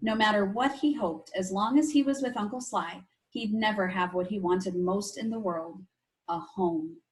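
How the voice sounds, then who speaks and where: A woman teacher reading a chapter book aloud to her class, expressive and stopping to explain things to the children. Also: mid-range voice, moderate pace, low-quality recording. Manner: expressive, asides to young listeners.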